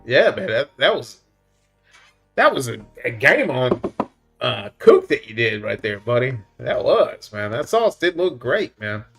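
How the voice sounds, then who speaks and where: A relaxed man hosting a livestream and chatting easily with viewers. His pitch swings lively up and down as he talks and chuckles. Faint music plays underneath. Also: unhurried, vocal fry. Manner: laid-back, chuckles often, says "man" and "buddy" a lot. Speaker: livestream host reading chat. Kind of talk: casual live-stream chat.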